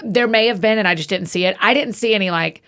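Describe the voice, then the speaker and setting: A woman's voice: mid-range voice, fast talker, fairly bright tone. A woman hosting a podcast, chatty and encouraging as she asks questions. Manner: chatty, encouraging with frequent affirmations. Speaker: podcast host. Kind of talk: casual interview.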